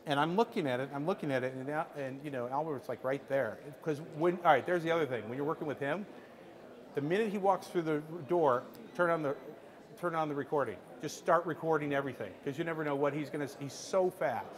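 A middle-aged man telling a lively behind-the-scenes story to a workshop audience, acting out what people said, with frequent restarts. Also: fairly high pitch, quick pace. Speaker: screenwriter speaking to a workshop audience. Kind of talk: animated storytelling anecdote.

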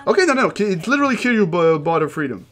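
A man's voice: sits high, big pitch swings, rapid-fire, fairly bright tone. A man casually commenting while playing a video game, rambling, swearing and laughing often. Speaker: let's play host.

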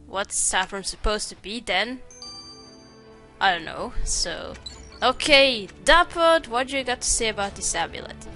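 A woman talks casually while playing a detective video game and laughs at her own slips. Her voice is bright and forceful. Faint game music plays behind her. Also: fairly high pitch, expressive, measured pace. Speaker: gamer. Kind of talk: casual let's play commentary.

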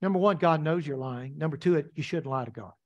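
A man's voice: a little high, fast talker, dull audio. A man preaching a sermon as pastor, emphatic and repetitive, asking the congregation rhetorical questions.

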